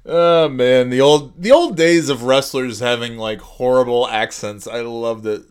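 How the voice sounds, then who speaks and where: A man's voice: mid-range voice, a little slow, hardly any pauses, smooth. A man in his forties chatting casually and alone as a podcast host, rambling and sarcastic, slipping into silly voices. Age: 40s. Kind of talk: casual solo chat.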